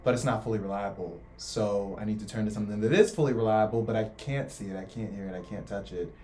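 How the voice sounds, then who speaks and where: Earnest young man, low voice. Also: mellow, a little hiss or hum. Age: young adult. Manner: earnest, reflective, measured. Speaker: co-host. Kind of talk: casual faith discussion.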